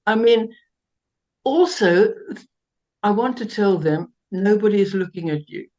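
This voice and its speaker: An older woman from South Africa, a guest telling lively, self-mocking stories with laughs and many restarts. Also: medium pitch, a little slow, muffled recording. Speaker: interview guest. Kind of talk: anecdotal storytelling interview.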